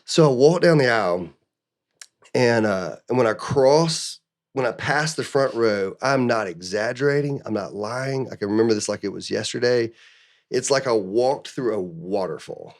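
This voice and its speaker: A man in his own words, telling a long personal story on a podcast. He is earnest and animated, with frequent restarts, and he shifts into other people's voices to act out what they said. His voice sits at an ordinary pitch for a man. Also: moderate pace. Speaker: interview guest.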